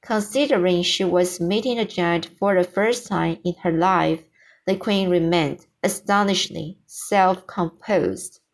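Slow, deliberate woman reading a storybook. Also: on the low side. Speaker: storybook reader. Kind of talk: reading a children's novel aloud.

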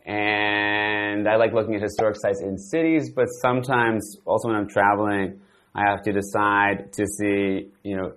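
A man's voice: on the low side, fairly even intonation, moderate pace, a bit bright. A man with a Canadian accent co-hosting an English lesson, talking through a casual conversation game and thinking aloud as he goes.

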